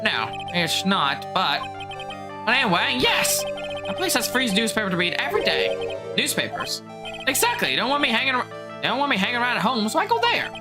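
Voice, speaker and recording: A woman plays a touchy old geezer who brags loudly and huffs at every accusation, his voice jumping up and down in an animated, lively way. Game music plays steadily behind him. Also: on the high side, fairly quick, pitched above the performer's own voice. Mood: defensive. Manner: shouty, indignant bluster. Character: cranky broke old man, boastful and touchy.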